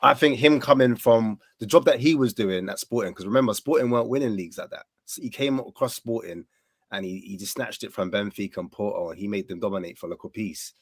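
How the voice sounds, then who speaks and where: A man talking football on a casual panel. He uses a lot of slang and acts out mock voices in lively bursts. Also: fairly low pitch, quick pace, no room sound. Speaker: panelist, Tottenham fan.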